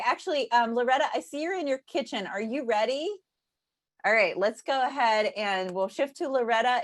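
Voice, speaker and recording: An upbeat woman hosts a casual livestream chat. Her voice sits a little high, and she laughs often and repeats herself for emphasis. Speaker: host.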